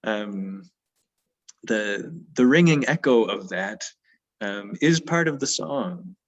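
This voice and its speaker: Man, lecturer on poetry and bird song, thoughtful, hesitant, slightly low voice. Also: animated, slow, lo-fi sound. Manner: thoughtful, hesitant, many ums. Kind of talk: discussing poetry.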